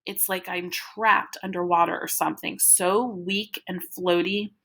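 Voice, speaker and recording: A woman reading a novel aloud to her listeners. Her reading is dramatic, and at tense moments she drops into a hushed whisper. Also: fairly low pitch, fairly even intonation, unhurried, gravelly. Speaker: reader.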